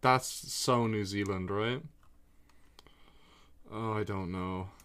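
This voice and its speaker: Excitable streamer chatting over keyboard clicks. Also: male voice, lowish voice, slow pace, clear, resonant tone. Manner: excitable, talks to himself and chat, swears freely. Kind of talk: casual live-stream chat while playing a geography game.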